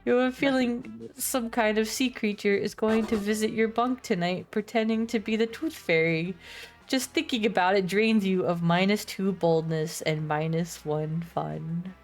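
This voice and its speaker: A young woman streamer narrating a visual novel aloud in a dry, deadpan read. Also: mid-range voice, moderate pace, faint music behind. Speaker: streamer reading a dating game.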